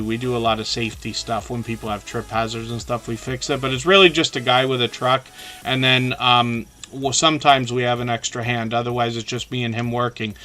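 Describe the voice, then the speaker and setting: Chatting loosely on his live stream, the host rambles and leans on fillers. His voice, mid-pitched, comes out pushed and bright despite a tired, slightly hoarse edge.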